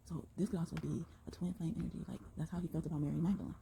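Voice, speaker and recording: A young woman giving a casual tarot reading to her viewers, excited and rambling, often breaking into exclamations and slang. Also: sits low, racing, gravelly, few pauses, a little hiss or hum, poor audio. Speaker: tarot reader.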